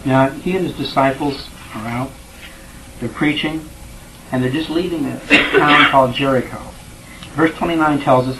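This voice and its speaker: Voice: mid-range voice, normal speed, noisy background. Conversational Bible class teacher. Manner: conversational, retells scripture in everyday words, checks in with the class.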